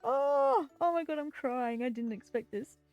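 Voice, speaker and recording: A woman game streamer chatting casually and excitedly with her live viewers while she plays, giggling often. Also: a little high, moderate pace, highs cut off, faint music behind.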